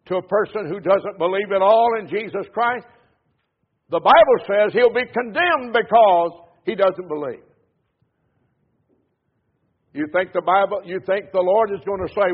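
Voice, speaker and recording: A man delivers an emphatic sermon in a high-pitched, husky voice. He presses hard on key words and lets his endings sink low and quiet. The sound is thin and tinny, as if heard over a phone line. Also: moderate pace. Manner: emphatic preaching that swings between loud stresses and low trailing endings. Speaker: preacher.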